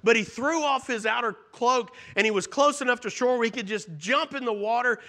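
A man preaching a sermon, earnestly retelling scripture and swinging from loud emphasis to hushed near-whispers. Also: very high-pitched, brisk. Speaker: pastor.

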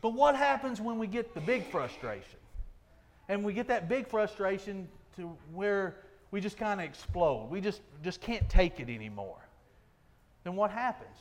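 A man's voice: high-pitched, big pitch swings, normal speed. A man preaching a sermon in an earnest, folksy way, full of rhetorical questions.

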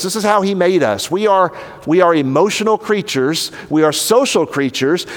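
A man preaching a sermon as pastor, earnest and animated, sometimes dropping to a low, slow voice for emphasis. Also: big-room sound.

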